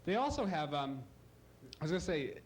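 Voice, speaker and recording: A man from Ohio doing a stand-up comedy routine, animated and slipping into silly voices for his bits. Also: on the high side, a little fast. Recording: live club recording with audible crowd noise.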